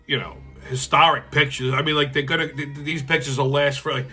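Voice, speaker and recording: Man, show host, heated profane rant, raised pitch, very sharp tone. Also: fairly even intonation, fairly quick, slightly rough, soft background music. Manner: blunt, heated, swears constantly. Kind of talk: profane political commentary rant.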